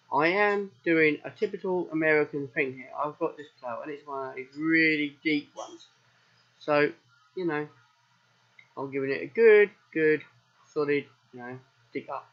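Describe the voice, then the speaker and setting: A man with a southern English accent, chatting and rambling straight to viewers as he streams a farming game. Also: fairly high pitch. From England. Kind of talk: casual let's play commentary. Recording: dull lo-fi recording.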